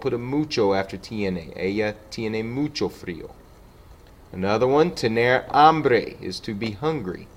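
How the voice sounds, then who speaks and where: A man teaching a Spanish lesson, patiently walking through examples and slowing down for each sample sentence. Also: fairly low pitch. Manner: patient, repeats "okay" and slows down for example sentences. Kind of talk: classroom lesson explaining on a board.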